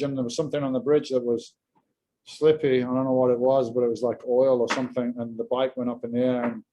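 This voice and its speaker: Man, guest on a casual interview; relaxed, measured, a few fillers, mid-pitched voice. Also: slight background noise, low-quality recording. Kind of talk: casual video-call interview.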